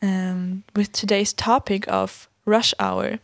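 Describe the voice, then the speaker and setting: A woman's voice: medium pitch, little pitch movement, takes it slowly, vocal fry, dry recording. A woman hosting a casual chat show, upbeat and asking questions with frequent ums. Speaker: podcast host.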